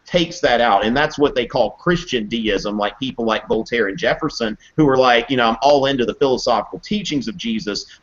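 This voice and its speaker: A man teaching history in a casual live video Q&A, chatty and animated, acting out quotes in playful voices. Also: medium pitch, lo-fi sound. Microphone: webcam mic on a video call.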